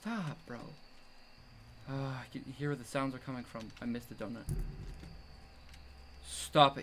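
A young man giving jumpy commentary while playing a horror game, yelling at the monster chasing him. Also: mid-range voice, animated, normal speed, long pauses, slight background noise. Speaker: gamer.

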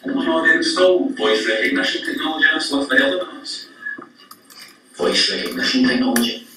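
A man's voice: on the high side, expressive, brisk, distant mic, slight background noise. An actor with a Glasgow Scottish accent playing a man stuck in a voice-controlled lift, indignant and ranting, from a comedy clip. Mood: exasperated. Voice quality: loud, indignant, increasingly ranting. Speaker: comedy sketch character. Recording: clip replayed in an echoey hall, heard from afar.

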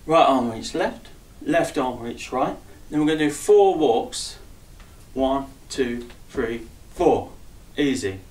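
A chatty, jokey man teaches a simple dance routine, calling out each move and counting the beats. His voice sits at a middling pitch and moves at an easy, unhurried pace. He sounds a step back from the mic in a roomy, echoing space. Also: lively intonation, darkish tone. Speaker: dance instructor. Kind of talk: dance tutorial, calling out steps. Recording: roomy echo, voice far from mic.

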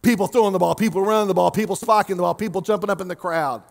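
A man from Oklahoma preaches a sermon as lead pastor, his voice pitched high for a man. He jokes freely and stretches words out for emphasis. He swings from loud bursts to near-murmured asides. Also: creaky. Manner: animated, joking, swings between loud and quiet, drawn-out emphasis.

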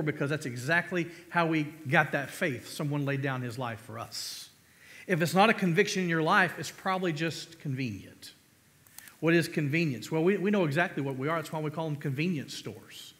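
A man's voice: a little high, a bit bright. A man pastor preaching a sermon, emphatic, asking the congregation questions and calling for amens. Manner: emphatic preaching, rhetorical questions, calls of amen. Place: church sanctuary. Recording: long reverb of a church hall.

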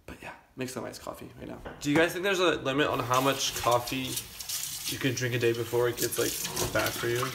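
A man's voice: mid-range voice, fairly even intonation, a little fast, vocal fry, fairly bright tone, roomy sound, a little hiss or hum. A young man rambling casually to camera in his home kitchen, chatty and self-deprecating. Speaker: vlogger. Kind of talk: casual vlog chat.

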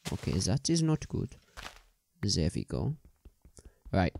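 Chatty deep-voiced young man. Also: big pitch swings, takes it slowly, creaky, darkish tone, a little hiss or hum. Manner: rambling, chatty, many ums and restarts. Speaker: gaming video host. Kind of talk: casual game commentary.

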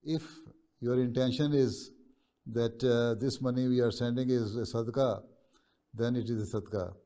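Over a video call, a man in the role of a religious leader fields students' questions, talking in a measured way with pauses and frequently asking "right?". His voice sits in the mid-range, mellow and fairly even in intonation.

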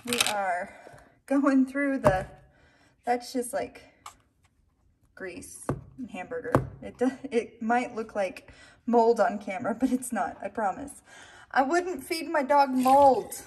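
A woman's voice: fairly high pitch, lively intonation, slow, pauses often, noisy background. A middle-aged woman vlogging casually from her home kitchen, chatting to her viewers and her pets with self-mocking humor. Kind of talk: casual vlog chat.

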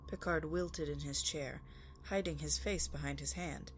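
A woman podcast host reading fan fiction aloud in a calm, even storytelling manner. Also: sits low, measured pace, a little hiss or hum. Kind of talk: audiobook narration.

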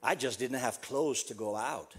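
A man from South America preaching a funeral sermon as pastor, repeating a refrain softly and building to emphatic passages. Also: moderate pace, slightly rough. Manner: repeats a refrain, dropping to a soft low voice.

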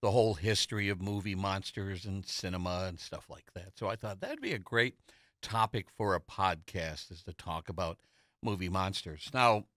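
Male talk show host, low and bright-toned, chatty and rambling, in a TV studio on a studio mic. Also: animated, moderate pace, dry recording. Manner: chatty, nostalgic storyteller with many fillers. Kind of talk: casual chat. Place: local TV studio. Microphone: studio microphone.

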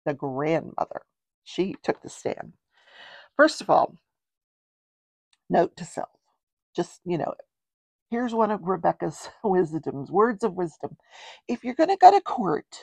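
A woman's voice: lowish voice, gravelly, a little mellow, husky, no echo. An older woman hosting a show, recapping a trial in a chatty, rambling way with wry asides. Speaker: true-crime show host.

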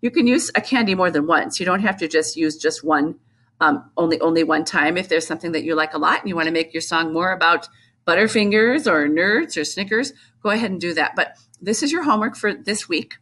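A woman's voice: fairly low pitch, lively intonation, a little fast, fairly bright tone. A woman music teacher giving a recorded lesson to young children, explaining patiently and chanting rhythm syllables.

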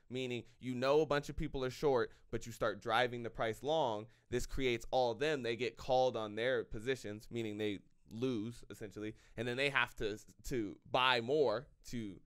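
A young man co-hosting a podcast, talking in animated bursts and restarting his sentences. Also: mid-range voice, normal speed, clean tone. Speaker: podcast co-host. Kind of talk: casual chat.

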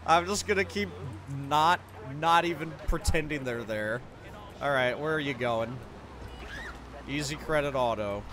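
A man's voice: fairly high pitch, lively intonation, unhurried, a crowd in the background. A man playing through a game and reading a walkthrough guide aloud, breaking off for joking asides. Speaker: gaming video creator. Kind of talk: let's play commentary.

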